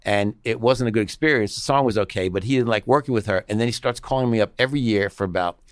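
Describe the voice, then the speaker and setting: A middle-aged man talks in a lowish voice, spinning casual anecdotes about his work as a musician and producer. He slips into the voices of the people he quotes. The sound is close and dry. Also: fast talker, clean tone, dry recording. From Long Island, New York. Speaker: guest, session musician and producer. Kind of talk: casual storytelling interview.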